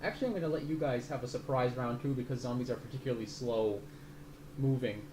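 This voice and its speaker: A man's voice: mid-range voice, fast talker, noisy background. Man game master, muddled by rules, casual swearing, roomy room. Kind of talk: running a tabletop game.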